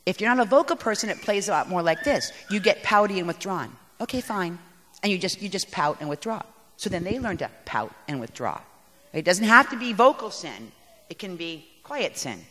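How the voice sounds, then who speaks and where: A woman giving a talk on parenting to an audience, animated, emphatic and poking fun at herself. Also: medium pitch, moderate pace. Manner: animated and emphatic, self-mocking. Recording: echoey hall.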